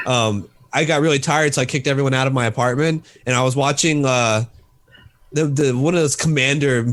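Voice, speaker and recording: Swearing podcast host in his thirties. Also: mid-range voice. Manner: blunt, swears, laughs a lot. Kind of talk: casual chat.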